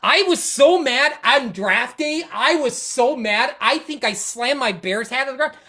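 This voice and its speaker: Fired-up high-voiced woman ranting. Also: animated, unhurried, pushed and bright. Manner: frustrated, rambling, restarts and stammers. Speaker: podcast host. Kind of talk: casual sports rant.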